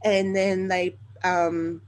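A woman's voice: on the low side, level tone, drawn-out words, rough recording. A woman hosting a podcast, telling a personal story in a candid, rambling way with many fillers. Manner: candid, rambling, with many ums and you-knows. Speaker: podcast host.

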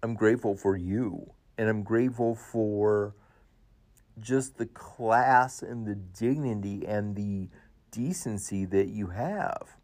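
A man hosting his show, giving an emotional personal tribute, halting with many fillers and restarts, his voice rising as he gets choked up. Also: lowish voice, a little mellow. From United States. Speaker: show host.

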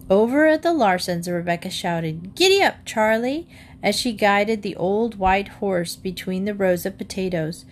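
A woman reading a children's book aloud, in an expressive storytelling manner. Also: medium pitch, a little hiss or hum. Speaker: narrator.

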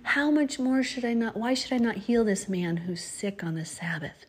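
A middle-aged woman giving informal religious teaching, earnest and exhorting, sometimes dropping to a breathy whisper for emphasis. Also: on the high side, animated, moderate pace, darkish tone. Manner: earnest, exhorting, with laughs and asides. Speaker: preacher.

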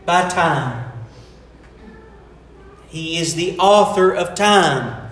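Slow, deliberate preacher man. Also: fairly high pitch, lively intonation, fairly bright tone, roomy sound. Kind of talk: sermon.

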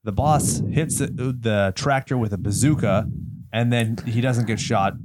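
A man's voice: medium pitch, darkish tone, slight background noise. A man in his thirties from California, joking through a casual movie chat as podcast co-host. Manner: joking, does quick silly voices.

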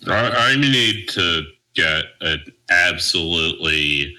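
A man co-hosting a casual comedy podcast, profane and sarcastic, with loud animated outbursts. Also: lowish voice, measured pace, low-quality recording. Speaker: podcast co-host.

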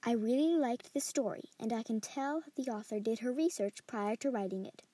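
Higher-voiced woman narrating a story. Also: normal speed, breathy edge, no room sound. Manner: steady, descriptive reading. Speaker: podcast host and story reader.

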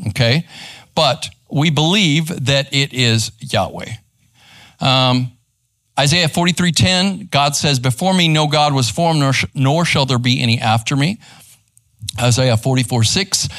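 Conversational pastor teaching, dry sound. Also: male voice, fairly high pitch, fairly bright tone, no room sound. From Texas. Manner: conversational, checks in with "okay?" and "right?". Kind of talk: live church teaching with slides. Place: church room.

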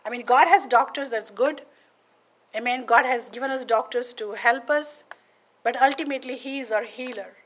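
A woman's voice: on the high side, moderate pace, a bit bright, a little hiss or hum. Emphatic woman preaching testimony. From India. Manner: emphatic, keeps asking "Amen?" of listeners. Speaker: podcast preacher. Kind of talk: testimony sermon.

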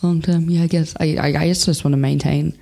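Aussie woman in her 20s, gravelly and kinda dark voiced, swears a lot, super chatty. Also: low-pitched, steady tone, fairly quick. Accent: Australian. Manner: frank and swears freely, laughs a lot, chatty with many fillers. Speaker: interview guest. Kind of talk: casual candid chat.

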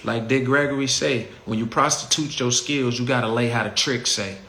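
A podcast host with a Chicago accent rants to his listeners in a blunt, heated, slang-heavy way, speaking directly to the audience. His mid-range voice is pushed and bright, with fairly even intonation at normal speed, recorded in an echoey room with faint ambient noise.

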